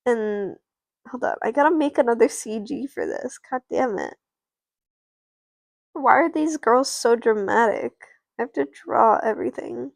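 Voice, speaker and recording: Slow, gravelly young woman narrating play. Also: fairly high pitch, big pitch swings, dry recording. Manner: rambling, self-interrupting. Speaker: player narrating doll play.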